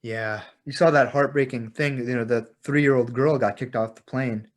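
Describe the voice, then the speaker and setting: A man with a mid-range voice hosts a podcast in relaxed, casual conversation. He is quick to agree and affirm his guest, and states his own views bluntly. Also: medium pitch. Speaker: podcast host.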